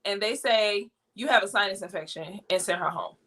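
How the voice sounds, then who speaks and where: A young woman telling a personal family story in casual, animated talk, slipping into quoted voices. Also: mid-range voice, a little fast. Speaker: guest.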